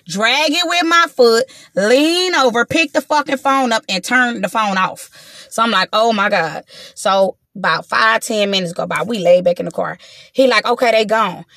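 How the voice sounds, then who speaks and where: A young woman tells a story in a bright, forceful voice. She swears freely and acts out every voice in the story. The sound is close and dry, with no room echo. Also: a little high, expressive, normal speed. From Watts, Los Angeles. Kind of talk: casual storytelling to an audience.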